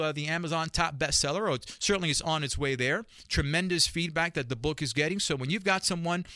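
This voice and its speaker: Energetic New York man hosting a show. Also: fairly high pitch, no echo, clean studio sound. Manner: energetic, emphatic, repeats phrases. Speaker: talk show host. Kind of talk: solo podcast monologue.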